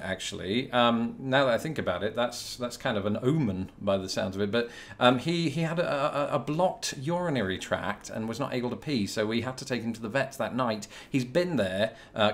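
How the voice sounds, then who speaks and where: A young man with a British English accent talks straight to the camera, answering viewer questions in a loose, rambling Q&A. His voice sits at an ordinary middle pitch, and he keeps drifting into dry, self-mocking asides. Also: animated, normal speed. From Britain. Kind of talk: casual to-camera Q&A.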